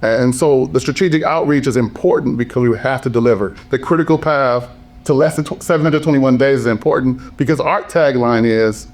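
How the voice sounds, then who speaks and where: Hoarse, passionate male panelist. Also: mid-range voice, brisk, a little mellow. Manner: passionate, emphatic, repetitive phrasing. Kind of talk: panel talk.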